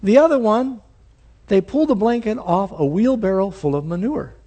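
A male pastor delivering a sermon in an animated preaching manner that rises to emphatic peaks. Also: high-pitched, moderate pace.

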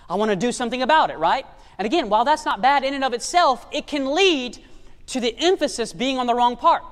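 Very high-voiced preacher in a reverberant hall. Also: male voice, a bit bright. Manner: emphatic, rhetorical questions to the congregation. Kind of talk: sermon. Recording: long reverb of a large hall.

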